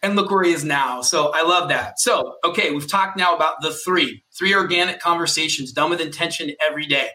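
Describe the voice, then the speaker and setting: A man co-hosts a podcast and coaches his listeners with emphatic, punchy conviction. His voice sits a little high and rings very bright. His delivery is forceful and motivational. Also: fairly quick, few pauses. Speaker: podcast co-host and mortgage coach.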